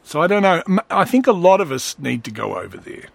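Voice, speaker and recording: A man's voice: a little high, big pitch swings, brisk, gravelly, no echo. A man talking in a rambling, sarcastic comedic monologue as a vlogger. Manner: rambling, sarcastic, slips into voices.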